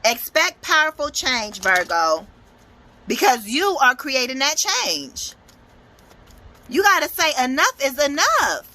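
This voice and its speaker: Young woman, high bright voice, blunt and swearing, preaching self-worth as a tarot reader. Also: sing-song, slow. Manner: emphatic, profane, preachy. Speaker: motivational speaker and tarot reader. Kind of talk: blunt motivational tarot talk.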